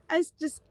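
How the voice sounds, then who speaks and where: Here a live chat host, a young British woman, rambles through a casual stream with frequent ums and likes. Her voice is extremely high, and there's no echo on the recording.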